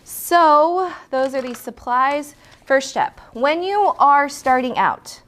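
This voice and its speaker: A woman's voice: high-pitched, animated, takes it slowly, a bit bright. A woman teaching a hand lettering tutorial in a chatty, encouraging way, often correcting herself mid-sentence as she shows her supplies. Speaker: lettering instructor. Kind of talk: casual hands-on tutorial.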